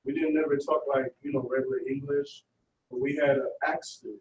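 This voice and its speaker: A man speaking as a student in a live class, talking quickly in a casual, rambling way. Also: mid-range voice, steady tone, darkish tone. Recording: echoey and distant, faint background hiss.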